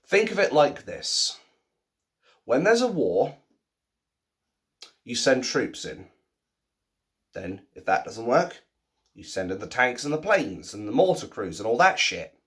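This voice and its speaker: Guy in his 30s ranting to camera at home, pitch all over the place, goes quiet then loud. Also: big pitch swings, slow, pauses often. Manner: swings between low muttering and loud outbursts. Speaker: vlogger. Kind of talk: casual ranting monologue. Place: at home, by the sink.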